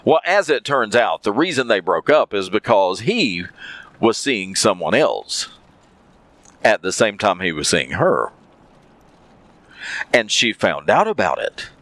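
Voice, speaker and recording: A man's voice: on the low side, very animated, a little slow, long pauses, a bit bright, no room sound. A man telling a story in a casual monologue, repeating phrases for emphasis.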